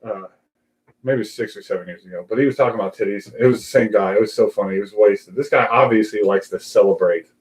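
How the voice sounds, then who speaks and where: A man's voice: lowish voice, quick pace, rough recording. A man hosting a casual live talk show, telling a long anecdote and acting out the voices of people in it. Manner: animated anecdote teller, acts out quoted voices. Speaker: podcast host. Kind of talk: casual chat, storytelling.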